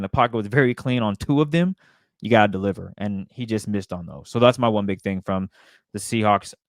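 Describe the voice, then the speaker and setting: A man's voice: fairly low pitch, no echo. Male sports co-host, casual analyst, dry close sound. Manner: casual, breaks down plays in detail. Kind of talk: football analysis chat.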